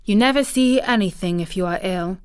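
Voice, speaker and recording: Gloomy sick boy, restless and resentful, as a woman reads him, slow dry voice. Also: medium pitch, no room sound, natural voice. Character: sickly, resentful bedridden boy.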